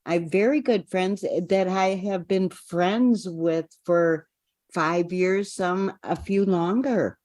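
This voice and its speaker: A woman taking part in a coaching session, speaking haltingly and trailing off mid-thought. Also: lowish voice, darkish tone, no room sound. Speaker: session participant. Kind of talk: conversational sharing.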